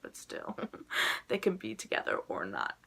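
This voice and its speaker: Young woman vlogger, rambling casual chat, bright and forceful tone with some vocal fry. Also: extremely low pitch, huge pitch swings, measured pace. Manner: rambling, chatty, full of "like" fillers.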